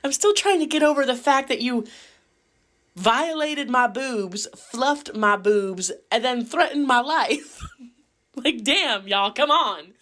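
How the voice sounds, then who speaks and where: A woman caregiver telling a story in a casual, lively and cheeky way, cussing freely. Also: high voice, takes it slowly.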